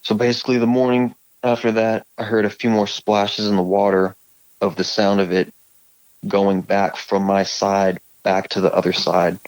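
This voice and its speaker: Halting deep-voiced man telling a story. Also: little pitch movement, darkish tone, no room sound, rough recording. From California. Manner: rambling, halting, many fillers and restarts. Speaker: guest telling encounter stories. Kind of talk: casual storytelling on a call.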